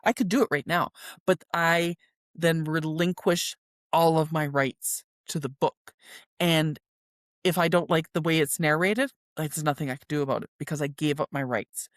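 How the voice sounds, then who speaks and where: Recorded with clean studio sound and no room echo, this indie author hosts her solo podcast in a low-pitched voice at normal speed. Her talk about her own writing is casual and self-deprecating, sprinkled with fillers and restarts.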